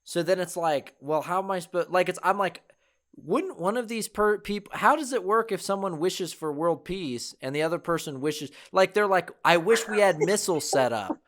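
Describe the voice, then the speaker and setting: A man's voice: high voice, animated, normal speed, a bit bright. A young man co-hosting a casual film review podcast, hesitant and searching for words as he explains his view. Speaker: podcast co-host.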